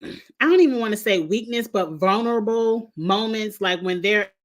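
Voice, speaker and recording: A woman's voice: mid-range voice, animated, normal speed. Blunt, laughing woman chatting on a livestream. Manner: blunt and outspoken, laughs often; greets chat viewers by name between remarks. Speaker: show reviewer and livestream host. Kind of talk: casual livestream chat.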